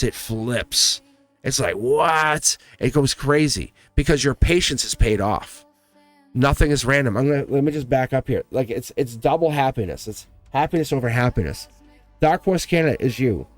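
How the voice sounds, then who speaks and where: A man reads tarot in a loose, rambling way. His voice sits at an ordinary middle pitch, and he circles back on his own phrases while faint music plays behind him. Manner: rambling, repeats and restarts phrases, chuckles often. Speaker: tarot reader. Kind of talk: casual tarot reading to camera.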